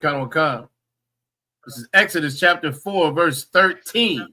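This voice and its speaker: A man in a class reading a scripture verse aloud, slowly and carefully, word by word. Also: a little high, lively intonation, sharp tone. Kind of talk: halting read-aloud.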